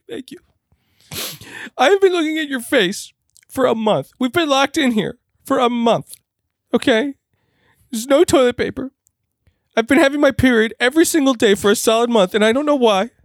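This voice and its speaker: A man's voice: very high-pitched, normal speed, pauses often, dry recording, studio quality. A man voicing a whiny, tearful girlfriend stuck in lockdown in an improvised comedy sketch. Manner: whiny, passive-aggressive, tearful.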